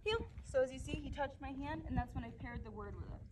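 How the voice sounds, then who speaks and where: A woman with a high voice trains a dog outdoors, mixing explanations with calm, gentle commands. She is heard from a distance on the camera mic. Loud background noise runs under her voice. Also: fast.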